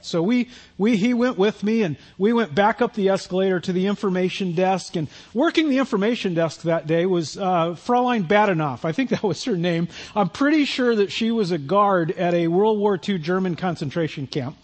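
A man's voice: high-pitched, expressive, fairly quick. A man preaching a sermon, telling a self-deprecating personal story in a conversational way. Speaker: pastor.

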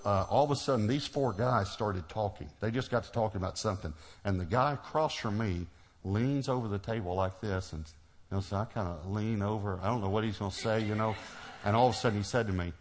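A middle-aged preacher with a fairly low voice tells a personal story from the pulpit. He acts out each exchange and laughs as he goes. The delivery is lively storytelling rather than a lecture. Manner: animated storyteller, acts out dialogue, laughs often. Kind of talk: sermon storytelling.

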